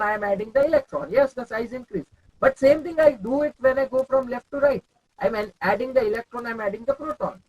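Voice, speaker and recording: Husky Indian-accented chemistry teacher quizzing students. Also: male voice, very high voice, lo-fi sound. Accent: Indian English. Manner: questioning, calls on students by name, repeats questions. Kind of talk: live online class teaching.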